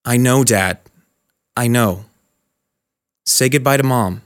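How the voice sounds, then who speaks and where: A man voicing a gentle, weary grown daughter in her thirties in a spoken story. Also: mid-range voice, slow pace, natural voice.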